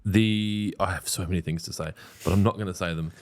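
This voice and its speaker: A man's voice: low voice, steady tone, fairly quick. A man, co-hosting a podcast in blunt, joking, casual chat. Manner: blunt, joking, swears freely. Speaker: podcast co-host.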